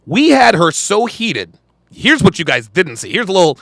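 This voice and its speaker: A man's voice: high-pitched, big pitch swings, moderate pace, fairly bright tone, no room sound, clean studio sound. A man hosting a podcast livestream, ranting bluntly and crudely while reacting to clips and chat. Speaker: podcast host. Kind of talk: livestream commentary.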